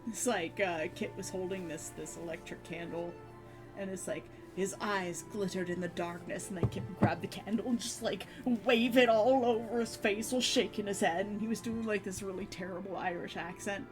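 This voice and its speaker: A woman's voice: medium pitch, steady tone, fairly quick, few pauses. Giggly woman streamer over music. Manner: giggly, rambling, laughs often between phrases. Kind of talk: casual stream chat. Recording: background music under voice. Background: background music.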